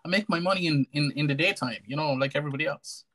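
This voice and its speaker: A man's voice: a little high, fast, pushed and bright. An Irish man hosting a casual live stream chat, joking and bantering with lots of fillers and restarts. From Ireland.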